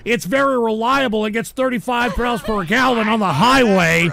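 An older man hosting a live show, ranting profanely at his chat and often shouting. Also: very high voice, moderate pace, crowd noise. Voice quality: gravelly. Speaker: radio show host reading chat. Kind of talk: ranting live stream talk.

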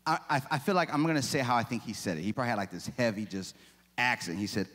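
A man's voice: medium pitch, fast talker, a bit bright. Chatty man preaching in a reverberant church. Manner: conversational, self-deprecating, rhetorical questions. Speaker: pastor. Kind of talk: sermon. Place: church sanctuary. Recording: long reverb of a church hall.

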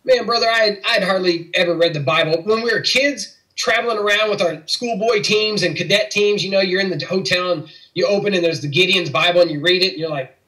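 A man's voice: high-pitched, fairly quick, bright, forceful tone, poor audio. A middle-aged man from Missouri, an interview guest, earnestly telling a personal faith testimony and acting out the voices of people in it. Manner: earnest storytelling, acts out quoted dialogue.

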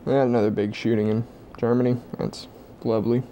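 A man's voice: mid-range voice, flat delivery, quick pace, warm tone, slight background noise. A young man at home giving a blunt, heavily profane opinion monologue to camera. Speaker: vlogger.

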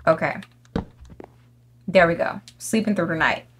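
A woman's voice: lowish voice, unhurried, a bit bright, slight background noise. A young woman giving casual gameplay commentary, brash and profane, scolding the animals in her game. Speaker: gaming YouTuber.

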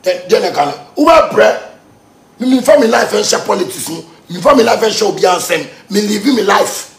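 Ranting Ghanaian man, high gravelly voice. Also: animated, brisk, echoey room. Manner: heated, lurches between shouting and muttering. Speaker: musician. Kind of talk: ranting monologue.

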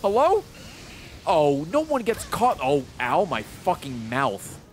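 A man in his thirties commentating live on his gameplay, swearing and reacting loudly and excitably. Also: fairly high pitch, slow, soft background music. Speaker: streamer playing a video game.

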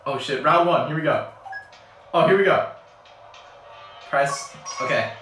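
Excitable, swearing streamer woman in an echoey bathroom. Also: deep voice, unhurried. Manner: excitable, swears often, yells when scoring. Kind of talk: live game stream commentary. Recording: echoey bathroom, distant from mic, faint game music.

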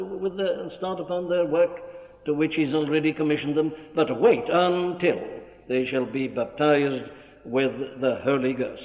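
An older preacher delivers a measured, emphatic sermon, leaning hard on key words. His voice rings through a large reverberant church. The archive recording is thin and tinny, like a phone line. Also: a little high. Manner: measured, emphatic, formal preaching with archaic scripture reading. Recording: echoey hall on a tinny old archive recording.

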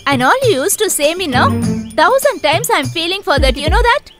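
A woman's voice: very high voice, big pitch swings, fairly quick. A woman voicing a clingy young lover in a film dub, pleading and nagging. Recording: film dub with loud music underneath.

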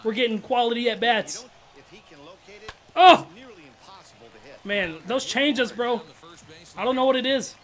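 A young man, commenting excitedly on his own video game at-bats, trash-talking and calling everyone "dog" and "bro". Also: very high-pitched, moderate pace. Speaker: gaming channel host.

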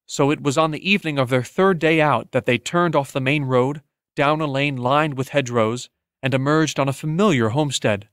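A man narrating a fantasy audiobook in a measured, steady storytelling manner. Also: mid-range voice, clear, resonant tone, dry recording, clean studio sound. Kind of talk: scripted narration.

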